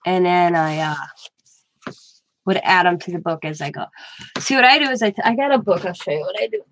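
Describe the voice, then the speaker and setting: A woman's voice: fairly low pitch, a little fast, a little hiss or hum. A woman hosting a casual crafting livestream from home, chatting with viewers by name and often restarting her sentences. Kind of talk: casual live-stream chat.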